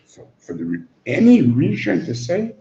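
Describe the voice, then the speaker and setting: A man giving a Torah lecture as an animated, joking storyteller who acts out quotes and drops in Hebrew and Yiddish words. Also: on the high side, normal speed, creaky. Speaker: Torah teacher. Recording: roomy, dull recording, faint hum.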